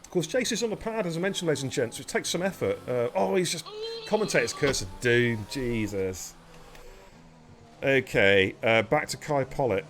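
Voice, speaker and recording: A man's voice: mid-range voice, animated, normal speed, a bit bright, a little hiss or hum. A man giving live sim racing commentary, chatty and bantering with viewers and his co-host. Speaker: race commentator.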